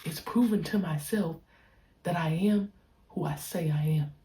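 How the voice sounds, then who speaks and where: A young woman hosting a podcast, talking casually and reflectively in slang and stretching key words out slowly. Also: low-pitched, mellow. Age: young adult. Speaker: podcast host, pro basketball player.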